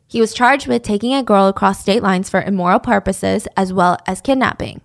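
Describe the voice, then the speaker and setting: A woman's voice: mid-range voice, brisk, creaky. A woman narrating a true crime case in a casual, conversational way, with blunt opinionated asides.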